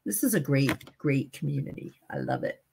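A woman's voice: extremely low pitch, wildly swooping pitch, normal speed, creaky, a little mellow, a little hiss or hum. A woman co-hosting a live online sale, chatting and rambling casually. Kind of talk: live selling chat.

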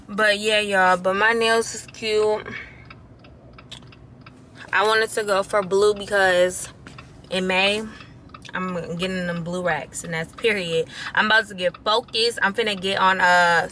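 A Wisconsin woman in her twenties vents to her phone camera in a casual vlog, exasperated and swearing freely. Her medium-pitched voice is unhurried, fairly even in intonation, and sharp in tone, with a little hiss or hum.

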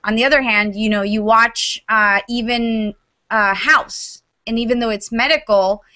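A woman co-hosting a casual podcast, animated and laughing between phrases. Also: a little high, a little slow, no room sound. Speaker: podcast co-host.

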